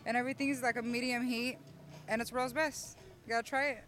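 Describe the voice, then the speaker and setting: A woman vendor at an outdoor market stall, cheerful as she pitches her homemade food. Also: little pitch movement, a little fast, fairly bright tone. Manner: cheerful, laughs between lines. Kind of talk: casual pitch to customer.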